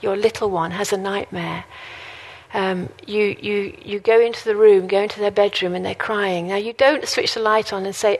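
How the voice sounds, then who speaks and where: A woman's voice: medium pitch, fairly even intonation, moderate pace. A woman preaching a sermon in an earnest, conversational way, mixing in personal stories. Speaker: guest preacher.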